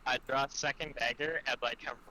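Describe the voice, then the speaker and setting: A man playing a tabletop game, talking in a lively, casual way and often asking how the rules work. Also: mid-range voice, a little fast, crowd noise, rough recording. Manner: lively, unsure about the rules. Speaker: player.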